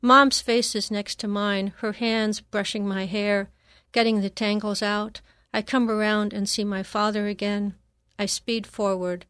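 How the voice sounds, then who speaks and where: A woman reads a first-person memoir in a measured, reflective voice. Her pitch sits in the middle of the female range, and the recording is dry and close with no room echo. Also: flat delivery, fairly bright tone, clean tone. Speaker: narrator.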